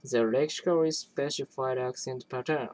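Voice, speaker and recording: A person reading an academic linguistics text aloud, haltingly, often restarting words and phrases. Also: mid-range voice, darkish tone, no echo, poor audio.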